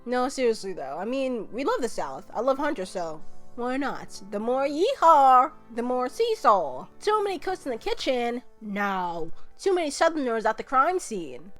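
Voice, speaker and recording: A young woman hosting a casual review vlog of musical songs, talking in a playful, jokey, excitable way. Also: on the high side, normal speed, faint music behind.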